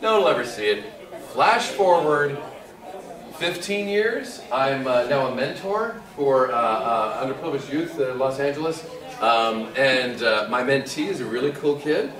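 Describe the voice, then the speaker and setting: A man's voice: mid-range voice, expressive, unhurried. A middle-aged man tells a rambling, chuckling anecdote to a convention crowd. His voice is caught from a distance in an echoing hall, with the audience audible behind him. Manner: chuckling, rambling storyteller with frequent restarts. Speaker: guest voice actor on a convention panel. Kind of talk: casual anecdote told to an audience. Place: convention panel room. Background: audience murmur and laughter.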